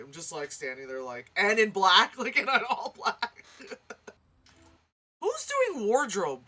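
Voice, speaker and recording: A woman hosting a movie reaction, talking in a blunt, sarcastic, profane way and sometimes breaking into exasperated yelling. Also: mid-range voice. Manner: blunt, sarcastic, swears freely. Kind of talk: casual profane commentary.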